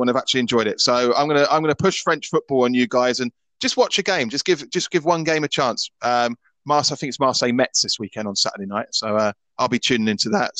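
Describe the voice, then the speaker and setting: A man's voice: medium pitch, fairly bright tone, no echo. A Scottish man in his thirties hosting a football podcast in casual chat. He is opinionated and often stammers and restarts his sentences. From Scotland. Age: 30s.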